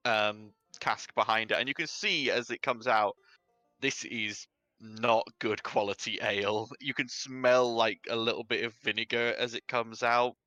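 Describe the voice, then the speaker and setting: A man's voice: mid-range voice, pushed and bright, no echo. A man running a tabletop game as game master, describing scenes in a rambling way full of "sort of" and "um".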